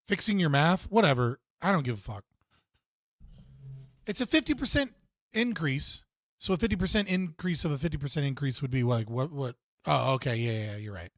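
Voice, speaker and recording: A man's voice: fairly high pitch, lively intonation, a little fast, dry recording. A man hosting a live stream who rambles and argues with his chat in a casual, profane way, full of fillers and self-corrections.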